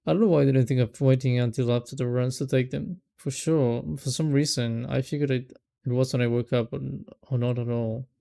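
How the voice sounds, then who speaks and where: A man's voice: mid-range voice, steady tone, fairly quick, gravelly, mellow. A young man reading a visual novel aloud as a let's play, rereading lines that trip him up and breaking off for casual remarks.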